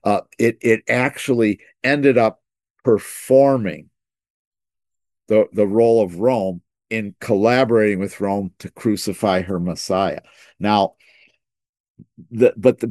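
A man's voice: fairly low pitch, a little mellow, no echo. A man preaching a sermon that teaches through scripture. He often stops and repeats words as he builds toward each point.

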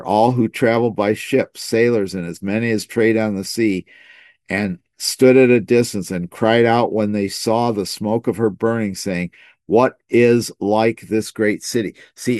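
A man with a somewhat low voice preaches a sermon and works through scripture out loud. He often stumbles and repeats words as he builds toward a point. The sound is dry and close, with little room echo.

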